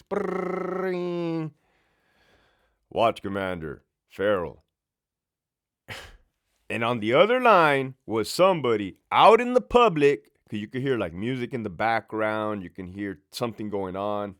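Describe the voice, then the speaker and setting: A man, a former prison lieutenant, telling a work story in a casual, profane, animated way. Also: medium pitch.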